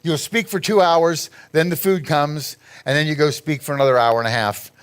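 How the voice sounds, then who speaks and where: A man speaks to a church group in a fairly high voice, telling loose, rambling stories as he clicks through a slideshow. He laughs at his own jokes and talks in an easy, conversational way. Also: normal speed, clear, resonant tone. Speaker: guest speaker at a church gathering. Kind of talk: anecdotal talk over a slideshow.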